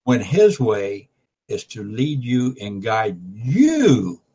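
A man's voice: fairly low pitch, sing-song, takes it slowly, dark tone, slightly rough. A man in a group Bible discussion, speaking emphatically. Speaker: group member.

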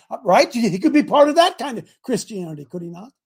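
A man hosting a call-in talk show who preaches and builds up to shouting. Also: sits high, sing-song, fairly quick, husky. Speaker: show host.

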